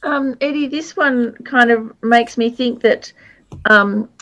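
A woman's voice: a little high, a bit bright, dull audio. A woman in a casual group discussion, speaking hesitantly with many fillers and restarts. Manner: hesitant and halting, many ums. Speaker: group participant.

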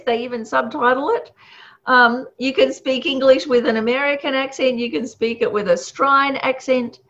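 A woman teaches in a loose, conversational way, with frequent laughs and many fillers. Her voice sits a touch high. The recording sounds dull and lo-fi. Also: fairly bright tone. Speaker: Buddhist teacher. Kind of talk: casual teaching talk. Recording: muffled lo-fi recording.

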